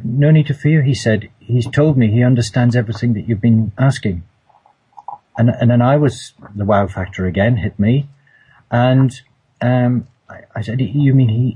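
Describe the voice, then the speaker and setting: A man's voice: medium pitch, mellow, breathy edge, poor audio. A man telling a personal story in a casual, hesitant way, often repeating words and restarting. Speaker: storyteller recounting a personal trip.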